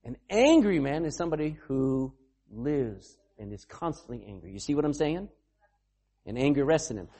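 Male pastor mid-sermon, husky voice, pitch rising and falling freely, quizzes the room. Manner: calls on readers and questions the congregation; bursts into shouting for emphasis.

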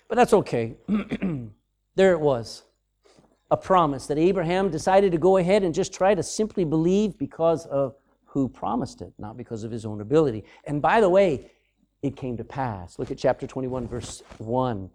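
Man preaching, animated delivery, lively rising and falling pitch, loud and soft swings. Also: normal speed. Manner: animated, reads scripture aloud with sudden loud and soft swings. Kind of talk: sermon.

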